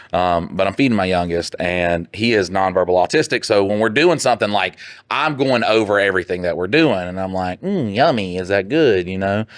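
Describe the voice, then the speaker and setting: A man's voice: sits low, no room sound, clean studio sound. Laid-back man telling stories on a podcast. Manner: animated storytelling with quoted voices and laughs. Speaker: podcast co-host. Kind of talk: casual chat.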